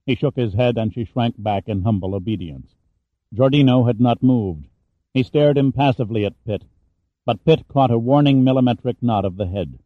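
A man narrating a thriller audiobook in an even, steady reading. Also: medium pitch, normal speed, no echo, phone-quality sound. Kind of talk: scripted narration.

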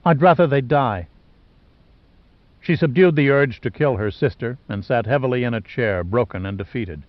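A man narrates a dramatic novel in measured, steady storytelling. The recording is dry and close, with a slightly dull, lo-fi tone. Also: medium pitch, no echo. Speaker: audiobook narrator. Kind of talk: scripted narration.

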